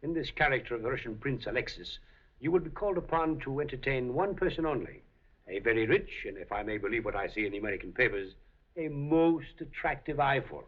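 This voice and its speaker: A man's voice: medium pitch, lively intonation, a little fast, close to an everyday voice. A man playing a suave, scheming casino operator in a 1930s film, urbane, dryly amused and coolly threatening. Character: suave scheming male casino operator, older, smooth and commanding. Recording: dull old film soundtrack.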